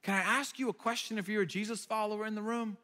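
Bright high-voiced man preaching in hall. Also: fast. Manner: conversational and animated, with repeated asides. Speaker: pastor. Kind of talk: sermon. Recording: long hall reverb.

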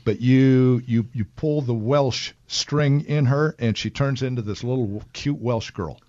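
A man's voice: mid-range voice, measured pace, a little mellow. Folksy male Christian radio host, lo-fi. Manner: folksy, chatty, laughs easily. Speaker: radio talk show host. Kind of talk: Christian radio talk show. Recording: lo-fi radio broadcast.

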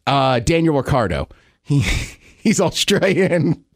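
A man's voice: a little high, very animated, takes it slowly, creaky, no room sound, clean studio sound. A man co-hosting a podcast, chatting casually and eagerly about sports and racing. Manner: enthusiastic, nerdy about racing. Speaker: podcast co-host.

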